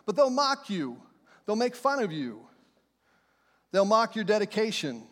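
A man's voice: high-pitched, very animated, unhurried, long pauses, a bit bright, big-room sound. A middle-aged man preaching a sermon as a pastor, telling stories in a folksy, plain way. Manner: folksy storytelling, plain speech.

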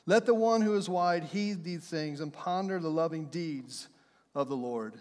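Man, pastor, high voice, animated sermon, storytelling, long hall reverb. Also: unhurried. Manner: storytelling, animated, acts out shouts and quotes. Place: church sanctuary.

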